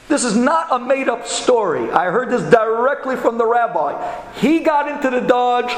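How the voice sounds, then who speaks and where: A man, a rabbi, telling a story in an animated, dramatic sermon style. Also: very high-pitched, moderate pace, a little hiss or hum. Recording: echoey hall with long reverb.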